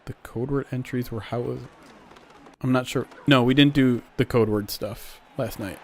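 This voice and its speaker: A young man with a medium-pitched, fairly even voice hosts a live stream at a moderate pace, with a little hiss or hum. He chats casually with viewers, reads chat aloud, and calls plays from a football game simulation, getting loud at big plays.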